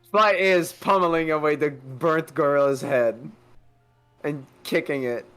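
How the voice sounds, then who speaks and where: A man playing a tabletop game, describing his character's actions in a wry, unhurried way. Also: fairly high pitch, fairly bright tone, smooth, faint music behind. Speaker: player.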